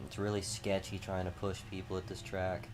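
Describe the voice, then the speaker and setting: A man's voice: sits low, completely flat delivery, moderate pace, over music. A man streaming a racing game, chatting casually with mild swearing. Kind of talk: casual gameplay commentary.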